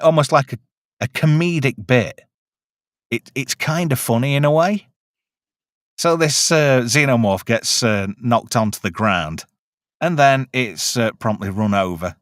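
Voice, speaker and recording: A man's voice: mid-range voice, fairly bright tone, dry recording, studio quality. A man hosting a casual film review, recapping scenes in a chatty, joking way.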